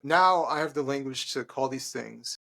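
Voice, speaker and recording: A man, a podcast guest and author, telling an earnest personal story in conversation, halting with restarts and fillers. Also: mid-range voice, gravelly, bright, forceful tone.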